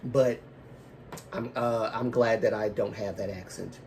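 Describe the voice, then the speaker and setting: With a fairly low, steady, slightly mellow voice at a measured pace, a man hosts a casual livestream. His roots are in the American South and Baltimore; recorded from a distance with faint hiss or hum, he rambles, corrects himself, laughs at his own comments, and has a lingering cough.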